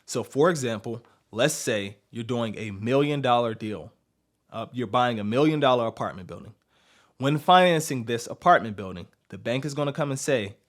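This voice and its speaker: A man's voice: mid-range voice, animated, moderate pace. Male podcast host, mid-range voice, direct coaching delivery built on rhetorical questions. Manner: punchy, asks rhetorical questions and answers them.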